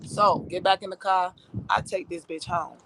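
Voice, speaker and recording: A woman telling a personal story in casual, animated talk, heavy with profanity and frequent asides to the listener. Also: on the low side, moderate pace, creaky, a little hiss or hum.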